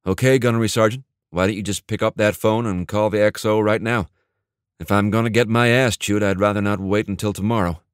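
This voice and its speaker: A man's voice: on the low side, steady tone, fairly quick, clear, resonant tone, dry recording, clean studio sound, lightly acted. A man narrating an audiobook and voicing a young male Marine officer who turns commanding and barks orders. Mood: calm.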